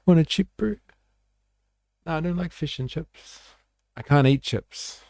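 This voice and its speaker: A man's voice: a little high, a little slow, vocal fry, darkish tone, no room sound, clean studio sound, voice pushed up. A man putting on a playful Kiwi accent as a joke during a livestream. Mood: joking. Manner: playful, teasing. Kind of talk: livestream banter.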